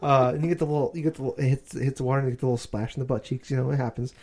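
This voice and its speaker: A man's voice: mid-range voice, fairly even intonation, very fast, a little mellow. A man in casual chat, rambling and crude with lots of swearing, tired and a bit delirious from overwork.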